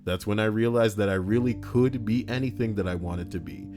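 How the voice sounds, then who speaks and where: A man's voice: on the low side, a little fast. A man reading internet stories aloud with casual, profane commentary, ranting and laughing at his own jokes. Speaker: reddit story reader. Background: faint background music.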